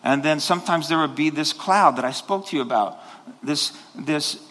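A man's voice: a little high, normal speed, fairly bright tone. A man preaching a sermon as pastor, rambling with restarts and then rising into sudden passionate bursts. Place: church sanctuary. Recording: long hall reverb.

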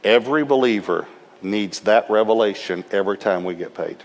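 A low-voiced male preacher, talking a little fast, brings a sermon story to life at a church service. Laughing as he goes, he dramatizes the quotes while a large hall's long reverb trails his words.

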